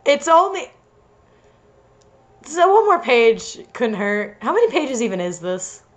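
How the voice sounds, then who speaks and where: A young woman reads a story aloud in a giggly, theatrical way. Her voice sits fairly high and she plays up the drama for laughs. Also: sing-song, a little slow. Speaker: co-host reading fiction aloud. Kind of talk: comedic dramatic reading.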